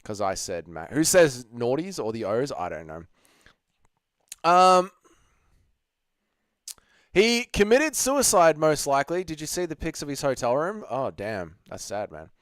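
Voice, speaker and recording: An Australian man hosting a livestream, hungover and low on energy, chatting casually, swearing, and reading viewer messages. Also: big pitch swings, measured pace, long pauses, no room sound, clean studio sound. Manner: laid-back, sweary, laughs easily. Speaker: livestream host.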